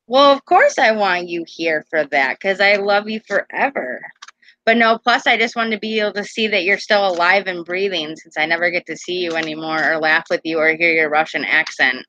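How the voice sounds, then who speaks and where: A woman's voice: fairly low pitch, moderate pace, pushed and bright, dull audio. A woman hosting a casual chat while giving card readings, rambling and laughing often. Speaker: host.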